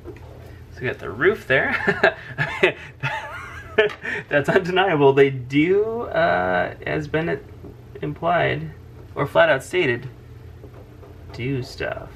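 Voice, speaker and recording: A man's voice: a little high, expressive, takes it slowly, vocal fry, pauses often, a little hiss or hum. A man hosting a casual drawing tutorial, chatty and teasing as he narrates each stroke. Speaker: host, drawing teacher.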